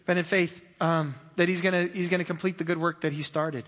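High bright-voiced pastor in a reverberant hall. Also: male voice, steady tone, brisk. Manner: conversational, laughing, acts out little voices. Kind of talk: sermon. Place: church.

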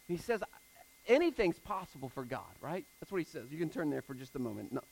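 A man preaching a conversational sermon, moving between hushed scripture reading and emphatic retelling. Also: a little high, big pitch swings, fairly quick, vocal fry, husky, low-quality recording. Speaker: pastor.

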